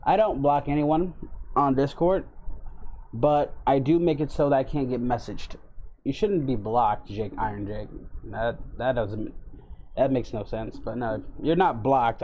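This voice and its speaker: A man's voice: medium pitch, fairly even intonation, moderate pace, darkish tone, slight background noise. A man chatting casually on a livestream in his own voice, laid-back and rambling as he greets his chat by name. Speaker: livestreamer and voice impressionist.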